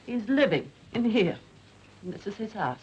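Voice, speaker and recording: A woman's voice: mid-range voice, sing-song, normal speed, darkish tone, close to an everyday voice. An actress playing a clinging, reproachful widowed mother in a 1960s TV drama. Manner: reproachful, wheedling. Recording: dull 1960s TV audio with faint hiss.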